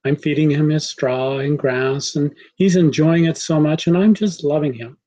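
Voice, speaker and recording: A man's voice: a little high, moderate pace, mellow, natural voice. A man voicing a dreamy, devoted young boy, earnest and eager as he tells the story.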